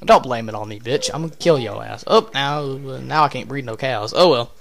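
A man narrates his gameplay in a loose, rambling way, breaking off mid-sentence and tossing in casual swears. His voice is bright and sharp, sitting at an ordinary middle pitch. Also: brisk, creaky. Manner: rambling, self-interrupting, swears offhandedly, talks to himself. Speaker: gameplay commentator. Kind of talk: casual let's-play commentary.

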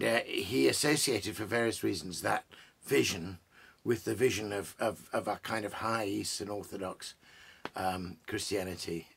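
A man's voice: sits low, gravelly, fairly bright tone, husky. A man hosting a casual, rambling talk about poetry at home among his bookshelves, with many fillers and restarts. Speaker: poet and host.

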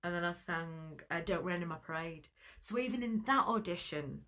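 A woman's voice: on the low side, animated, moderate pace, bright, forceful tone. A woman in her thirties, a guest actress in a casual interview, chatty and laughing as she acts out quotes.

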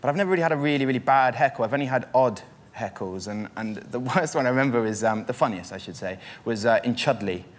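A young male comedian doing a lively stand-up routine on a TV studio stage. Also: mid-range voice, fast talker. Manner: lively storytelling with quoted voices. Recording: studio audience laughter and noise.

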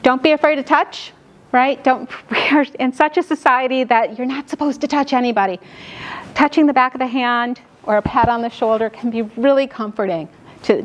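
A middle-aged woman gives a classroom lecture on caregiving. Her voice sits a little high for a woman. She talks quickly and keeps tagging her points with "right?" to pull the room along. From New York. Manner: fast-talking, frequent "right?" checks with the audience. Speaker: lecturer on dementia care.

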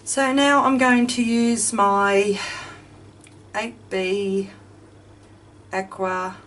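A woman's voice: mid-range voice, fairly even intonation, drawn-out words, fairly bright tone. A woman hosting a craft video, chatting casually and thinking aloud as she works, a little self-deprecating. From Australia. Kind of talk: casual chat while crafting. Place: home craft room with ceiling fan running. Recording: distant mic, faint fan noise.

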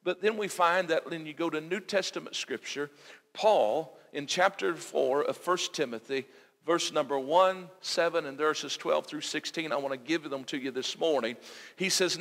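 A man's voice: a little high, moderate pace, fairly bright tone. A man preaching a sermon as pastor, building emphatic repeated lines. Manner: preaching with rising, emphatic repetition. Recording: long hall reverb.

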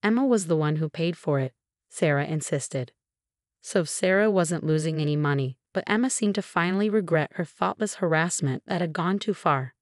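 A woman narrating a first-person family drama story in a scripted, even and measured way. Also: low-pitched, no echo, studio quality.

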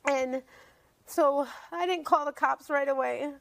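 A woman's voice: sits high, measured pace, creaky, poor audio. A woman appearing as a guest on a talk show, telling her story emotionally and rambling, repeating herself.

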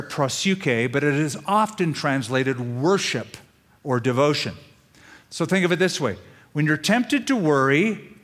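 A man preaching a sermon as pastor, animated and acting out quoted prayers with feeling. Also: on the high side.

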